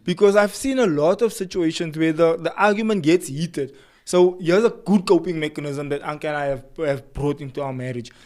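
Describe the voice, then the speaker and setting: A man chats about married life, switching into playful voices as he acts out arguments. His voice is notably high for a man. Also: normal speed. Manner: animated storyteller, acts out quarrels. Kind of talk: casual chat.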